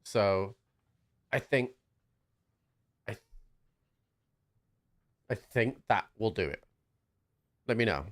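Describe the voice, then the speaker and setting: A British man chatting casually while streaming a game, chatty and quick to laugh. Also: fairly low pitch, lively intonation. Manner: chatty, laughing, restarts often. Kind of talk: casual livestream chat.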